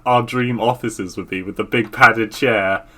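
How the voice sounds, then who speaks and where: A man's voice: lowish voice, fairly even intonation, measured pace, fairly bright tone. A man co-hosting a podcast, talking in a laid-back way, trailing off and swearing casually. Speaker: podcast co-host. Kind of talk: casual chat.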